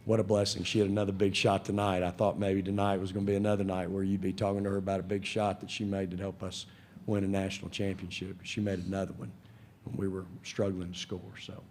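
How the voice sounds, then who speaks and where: A man's voice: deep voice, completely flat delivery, fast, few pauses, a little mellow, slight background noise. A male head coach, speaking proudly and emotionally at a postgame press conference.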